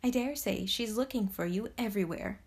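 A woman voicing a mysterious, very old grandmother in a storybook reading, calm and gently knowing. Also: mid-range voice, fairly quick, natural voice. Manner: calm, knowing, softly amused.

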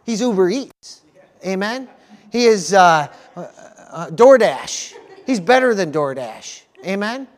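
A man's voice: sits high, lively intonation, slow pace. A male pastor preaching a sermon at a church service, earnest and repetitive, often stopping to ask the congregation for an amen. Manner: earnest preaching, frequent call-outs for "amen", repeats words.

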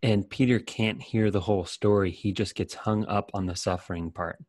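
Low-voiced guy recapping the bible story, dry close sound. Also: fairly even intonation, normal speed, darkish tone, dry recording. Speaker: Bible discussion co-host. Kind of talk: casual Bible study chat.

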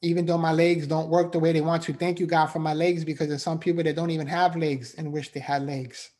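Man with a slightly higher voice, earnest, emotional faith-based motivational speaker. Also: little pitch movement, fast, darkish tone. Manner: earnest, repetitive, emphatic, frequent "right?".

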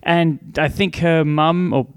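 A man's voice: fairly high pitch, takes it slowly, clear, resonant tone. A man recapping a movie in casual chat, joking and swearing as he goes. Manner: profane, joking, animated recounting. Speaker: podcast co-host.

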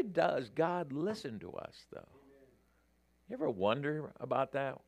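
A man's voice: on the high side, very animated, unhurried, vocal fry, a bit bright, no room sound, clean studio sound. A man preaching a sermon, addressing the congregation directly and rising to emphatic peaks.

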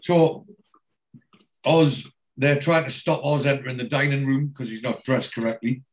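A man's voice: mid-range voice, fairly even intonation, moderate pace. A man casually retelling a TV episode in a chatty, profane way, acting out the characters. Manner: chatty, profane, does voices.

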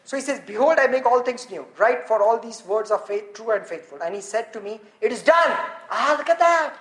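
A woman preaching a sermon, animated and laughing often, sometimes rising to shouts. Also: fairly high pitch, a little fast, roomy sound.

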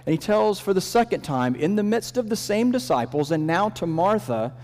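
A man preaching a sermon as pastor, his delivery moving between raised emphasis and hushed, quiet lows. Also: expressive, a little fast, hardly any pauses, long reverb tail.

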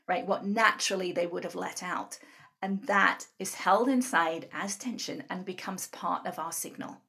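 A woman's voice: mid-range voice, a little slow, fairly bright tone. A woman guest explaining her ideas in an interview, talking earnestly and often checking in with "right?". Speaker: guest speaker on emotional tapping.

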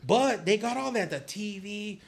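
High gravelly man telling stories. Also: moderate pace, a loud crowd. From Arizona. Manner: animated, laughing, acts out quoted voices. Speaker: podcast guest. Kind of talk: casual storytelling chat.

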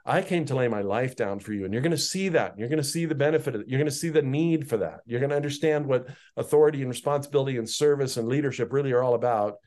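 Man voicing gentle patient teacher, reassuring, conversational tone. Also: medium pitch, fast, hardly any pauses, lightly acted.

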